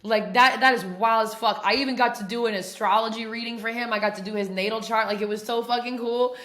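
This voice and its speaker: Woman host, a bit high-pitched, profane and animated, telling stories casually in an echoey room. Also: fast. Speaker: podcast host. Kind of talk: casual storytelling.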